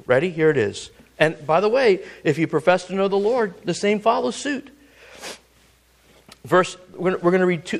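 A middle-aged man preaches a sermon, repeatedly prompting listeners with "listen" and "ready?" while swinging dramatically between booming lines and hushed asides.

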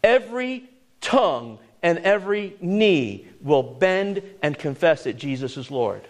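Pastor, male, high and very animated voice, emphatic preaching, throws rhetorical questions at the room. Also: unhurried. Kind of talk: sermon.

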